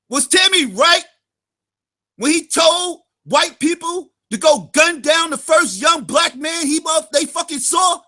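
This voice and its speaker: Very high-voiced, bright ranting man. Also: expressive, a little slow. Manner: heated, profane, often shouting. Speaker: channel host. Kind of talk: ranting vlog commentary.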